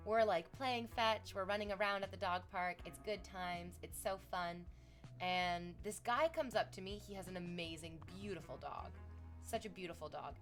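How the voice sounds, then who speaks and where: A woman's voice: on the low side, moderate pace, soft background music. A young woman streaming from Canada, chatting with viewers in a rambling, sarcastic and profane way. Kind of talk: casual stream chat.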